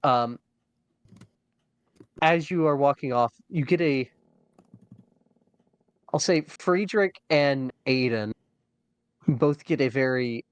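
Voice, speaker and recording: A man narrates a tabletop dungeon crawl as its game master. He talks slowly and haltingly, with many fillers and restarts. His voice is mid-pitched and sits close and dry, with no room around it. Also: clear, resonant tone, no echo.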